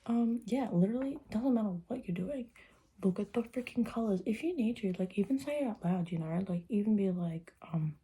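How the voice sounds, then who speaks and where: A woman's voice: mid-range voice, lively intonation, a little fast, mellow, slightly rough. A young woman vlogging in casual, rambling chat, swearing freely and often dropping into a whisper. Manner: rambling and profane, drifts into whispers.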